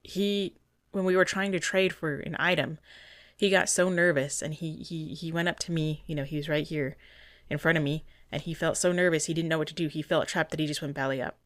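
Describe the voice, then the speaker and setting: A woman's voice: deep voice, fairly even intonation, fairly quick, dry recording, clean studio sound. A woman dog trainer giving earnest, indignant commentary over a training video, often restarting her sentences.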